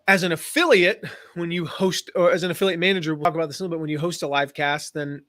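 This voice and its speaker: American guy, kinda high voice, loose chatty teaching with lots of ums, dry mic. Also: fairly even intonation, quick pace, a bit bright, dry recording. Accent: General American. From American Midwest and South. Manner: chatty, rambling, with fillers and restarts. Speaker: affiliate marketing host. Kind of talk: casual live-stream teaching.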